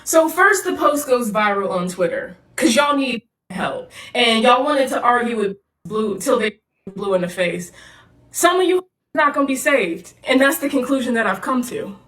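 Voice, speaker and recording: A woman speaks to the camera in a slangy, confrontational way. Her voice sits fairly high, and it sounds roomy and picked up from a distance. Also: animated, normal speed, fairly bright tone. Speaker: social media therapist. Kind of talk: direct-to-camera social video.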